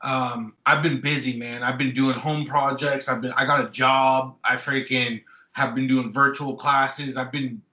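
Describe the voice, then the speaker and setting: An eager man with a bright, forceful voice who rambles happily through stories in casual chat. The room around him rings with echo. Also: mid-range voice, flat delivery, unhurried. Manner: enthusiastic, rambling storyteller. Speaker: podcast co-host. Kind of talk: casual late-night chat. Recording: echoey room.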